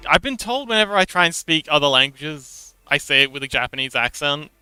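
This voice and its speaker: A man's voice: a little high, animated, brisk, pushed and bright, clean tone, poor audio. A man from Hong Kong chatting casually with his livestream chat while he models an avatar, with many fillers and restarts. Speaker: VTuber streamer. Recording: dry close mic, faint background music.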